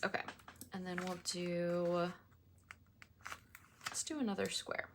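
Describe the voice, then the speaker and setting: A woman's voice: lowish voice, steady tone, slow pace, noisy background. A young woman chatting casually as she decorates a planner at home in her apartment, with chatty, exasperated ranting asides. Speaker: planner vlogger. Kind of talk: casual chat while crafting.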